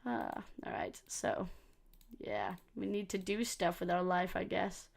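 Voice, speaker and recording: A woman's voice: medium pitch, very animated, measured pace, creaky. A woman hosting a let's play, reading a visual novel aloud and breaking off for casual, sweary asides. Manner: casual, sweary asides between read lines.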